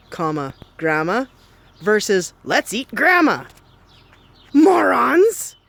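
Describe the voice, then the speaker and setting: In a comedic vlog, a Canadian man plays a brash, foul-mouthed middle-aged mom, ranting sarcastically and mockingly at the camera. His voice is high and a bit bright.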